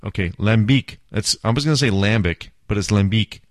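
A man's voice: lowish voice, normal speed. A man hosting a casual beer podcast, enthusiastic and self-mocking as he chats and jokes. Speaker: podcast host.

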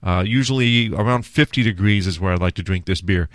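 His voice is low and his pace brisk, captured in clean studio sound without any room tone. He hosts a food and beer program, casually talking his way through a tasting with lots of "uh"s.

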